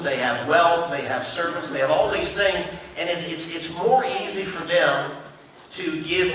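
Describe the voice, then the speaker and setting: A man's voice: fairly high pitch, bright, forceful tone, slight background noise. A male pastor giving a conversational sermon, often repeating words and checking in with the congregation. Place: church sanctuary. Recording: echoey room, mic from a distance.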